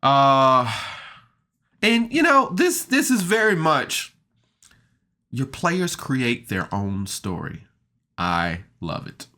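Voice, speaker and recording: A man's voice: mid-range voice, very animated, takes it slowly, pauses often, sharp tone. A man casually recapping a tabletop game episode on a podcast, chatty and enthusiastic, with laughs and fillers. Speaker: podcast reviewer.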